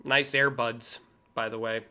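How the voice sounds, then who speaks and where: A man's voice: mid-range voice, flat delivery, a little slow, pushed and bright, clear, resonant tone, faint music behind. An American man hosting a livestream, reacting to clips with sarcastic, rambling commentary and profane asides. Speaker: livestream host reacting to videos. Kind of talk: casual commentary.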